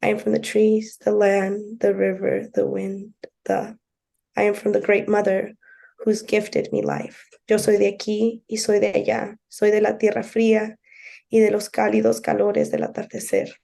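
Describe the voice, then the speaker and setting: Gravelly-voiced woman reading poetry. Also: medium pitch, monotone, mellow. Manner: slow, deliberate poetry reading. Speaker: podcast co-host. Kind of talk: co-hosting and reading her own poem aloud.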